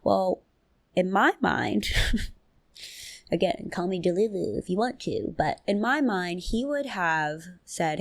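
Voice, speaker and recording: A woman hosting a solo podcast in a casual, chatty way, with lively jumps in pitch, frequent laughs and loose slang. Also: slow pace, creaky, no echo, studio quality. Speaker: podcast host.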